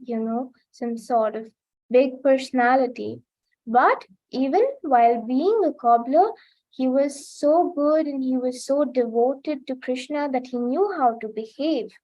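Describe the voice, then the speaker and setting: High-voiced woman teaching kids over a call. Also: a little mellow, low-quality recording. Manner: keeps asking "right?" to engage the children. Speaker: children's class teacher. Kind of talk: storytelling lesson for kids. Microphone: video call.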